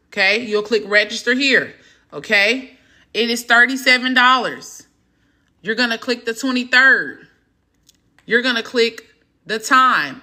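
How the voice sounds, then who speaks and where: A woman from the Southern United States with a Southern accent, an exam prep coach chatting on a phone live stream in an excitable, encouraging way. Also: on the high side. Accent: Southern American. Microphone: phone camera.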